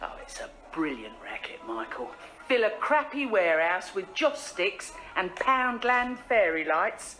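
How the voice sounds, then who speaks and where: A woman's voice: on the high side, expressive, unhurried, few pauses, bright, forceful tone, soft background music. An actress playing a brash, blunt, crude working-class mother and yoga teacher, speaking in a sarcastic sitcom manner. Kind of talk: sitcom acting.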